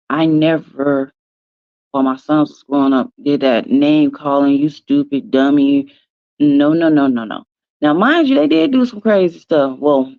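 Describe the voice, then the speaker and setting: A woman's voice: low voice, dry recording. A woman, hosting a casual morning chat and talking emphatically to her listeners. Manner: chatty, emphatic, drawn-out stresses, calls listeners "y'all" and "baby". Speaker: host. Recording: dry, slightly dull sound.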